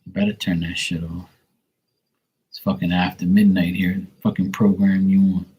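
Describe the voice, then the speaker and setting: Husky, profane man chatting on a livestream. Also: sits low, little pitch movement, normal speed, mellow, poor audio. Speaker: live tarot reader streamer. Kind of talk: casual livestream chat.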